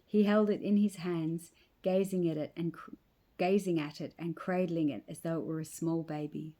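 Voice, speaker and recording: A woman reads her memoir aloud in the first person, measured and reflective. Her voice sits low and sounds warm and mellow. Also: steady tone. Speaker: author reading her memoir. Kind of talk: first-person story reading.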